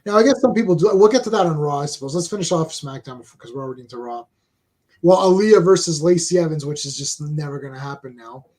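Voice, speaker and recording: A man's voice: fairly high pitch, lively intonation, fast, a little mellow. A man from Canada co-hosting a casual chat, rambling and sarcastic, often repeating himself. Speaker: co-host.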